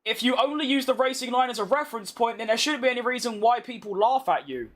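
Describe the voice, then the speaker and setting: A man with a London accent streaming a racing game, chatting with viewers and yelling excitedly at the race. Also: very high voice, quick pace. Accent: London English. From London, England. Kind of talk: live gameplay commentary and chat.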